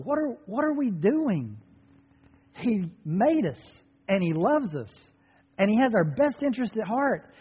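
Animated preaching man, husky, echoing hall. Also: sits high. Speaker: pastor. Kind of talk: sermon. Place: church sanctuary. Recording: dull sound in a reverberant hall.

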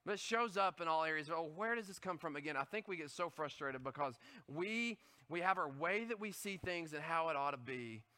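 Bright-voiced, animated male pastor. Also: on the high side, brisk, few pauses, smooth. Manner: animated, conversational, asks the audience questions. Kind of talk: sermon.

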